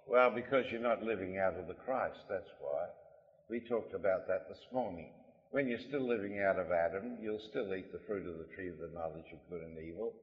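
A man preaching a sermon, emphatic, repeating his key lines and swinging between loud and soft delivery. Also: on the low side, lively intonation, normal speed. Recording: lo-fi recording in a reverberant hall.

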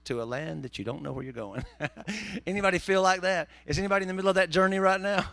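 A man's voice: high-pitched, fast, creaky, a bit bright, no echo. A man preaching a sermon, telling folksy, joking stories. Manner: folksy, joking storyteller with southern turns of phrase. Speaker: pastor.

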